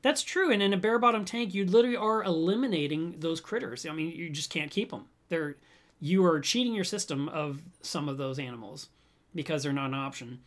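A man hosting a reef aquarium channel, chatting casually with viewers and telling stories in an animated way, with frequent restarts and chuckles. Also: fairly high pitch, brisk. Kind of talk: casual live chat answering viewer comments.

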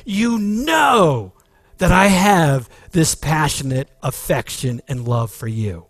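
Slow earnest male preacher. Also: medium pitch, lively intonation, dry recording. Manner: earnest, emphatic preaching with restarts. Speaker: pastor. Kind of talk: sermon.

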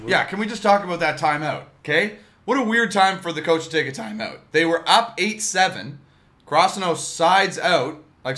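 A man giving casual, excitable reaction commentary on a sports anime, breaking into cheers at big plays. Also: high-pitched. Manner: excited outbursts cheering the play. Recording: music playing behind.

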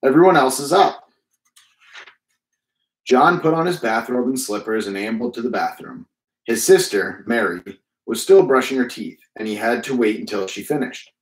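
Guy reading a kids' book aloud, calm and steady, mid-pitched, echoey room. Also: normal speed. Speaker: reader. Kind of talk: children's book read-aloud.

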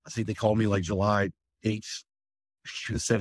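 A firefighter, telling a candid, rambling personal story in an interview, full of fillers and swearing. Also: male voice, fairly low pitch, flat delivery, brisk, no room sound.

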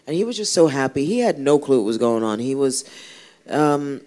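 A woman singer guesting on an interview show talks casually in a rumbling low, sing-song voice that's warm and at normal speed. She's chatty, telling a rambling story with many restarts.

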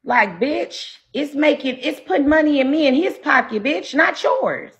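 A woman livestreamer ranting at her live chat, brash, loud, profane and combative. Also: high-pitched, lively intonation, unhurried, highs cut off.

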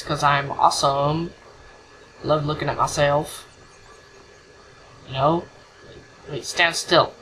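A gamer chats through a play session in an unhurried, bright voice, cracking jokes at the game and humming silly tunes. A faint background hiss sits under the voice. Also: mid-range voice, poor audio. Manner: goofy, sings nonsense and jokes at the game. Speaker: gameplay commentator. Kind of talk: casual let's-play commentary.

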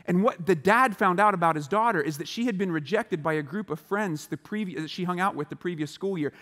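A man giving a motivational chapel talk to students, animated and acting out the voices of the people in his stories. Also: on the high side, long reverb tail. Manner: animated, acts out quoted voices. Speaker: chapel speaker. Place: large school chapel hall.

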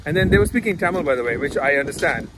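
A man's voice: a little high, animated, racing, heavy background noise. A man chatting as a travel vlogger outdoors, telling stories and laughing often. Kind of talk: casual travel vlog chat. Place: outdoors, on the road.

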